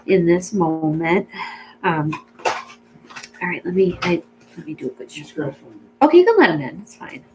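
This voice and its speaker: A woman's voice: fairly low pitch, low-quality recording. Tearful, chatty woman medium. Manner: emotional, tearful at times, many fillers, soothing reassurance. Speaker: pet medium. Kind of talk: casual spoken reading to a client.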